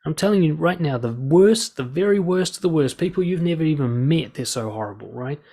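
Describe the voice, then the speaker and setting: A man with a gravelly, slightly husky voice gives blunt, direct advice and swears freely. He talks straight to the listener and acts out quoted lines as he goes. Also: on the high side, expressive, a little fast, warm tone. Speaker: dating and confidence coach.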